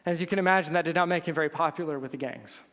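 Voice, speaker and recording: High-voiced pastor preaching in an echoing hall. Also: male voice, very fast. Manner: animated storytelling, swelling to emphatic intensity. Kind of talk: sermon. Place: church sanctuary. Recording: long reverb of a church hall.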